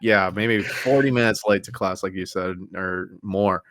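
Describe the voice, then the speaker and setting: A man's voice: low voice, unhurried, slight background noise. A young man co-hosting a podcast, rambling through stories in casual chat. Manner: rambling storyteller, acts out loud quoted shouts. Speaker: podcast co-host.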